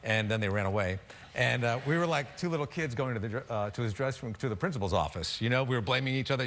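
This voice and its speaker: A man's voice: medium pitch, expressive, fast talker, a bit bright, a little hiss or hum. A man in his fifties, a talk show guest telling dry, self-deprecating anecdotes in casual conversation. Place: television studio.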